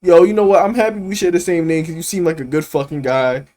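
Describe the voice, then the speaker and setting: A man streaming his reactions to a clip, cutting in with mocking jokes and loud exclamations. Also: on the high side, quick pace. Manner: animated, mocking, loud outbursts. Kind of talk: reaction commentary.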